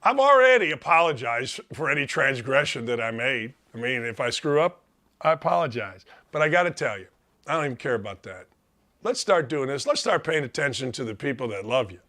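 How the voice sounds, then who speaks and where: A man's voice: mid-range voice, very animated, fairly quick, sharp tone. A man hosting a sports talk show, speaking in a heartfelt, tearful monologue of gratitude, choked up and close to crying. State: choked up, near tears. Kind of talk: emotional monologue.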